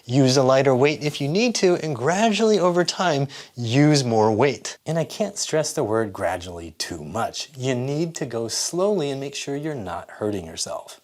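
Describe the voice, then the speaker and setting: An encouraging fitness coach gives exercise instruction straight to the camera. The delivery is patient and methodical, breaking each movement into small steps, with a voice sitting at a middle pitch. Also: expressive, moderate pace, few pauses, darkish tone. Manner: patient, encouraging, explains step by step. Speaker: fitness coach and channel host.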